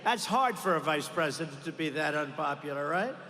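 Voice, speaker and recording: Older guy ranting at a rally, kinda high voice, repeats himself a lot, big echoey arena. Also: animated, fairly quick, sharp tone. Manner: repetitive, boastful, rambling asides. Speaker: political rally speaker. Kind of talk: campaign rally speech. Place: large arena. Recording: echoey arena with long reverb.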